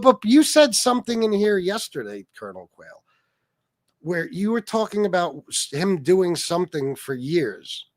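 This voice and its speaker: A man hosts a casual livestream, reading chat messages aloud and riffing on them with profane, mocking commentary. His fairly high voice swings widely in pitch, and the sound is dry and close. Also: no room sound. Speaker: livestream host.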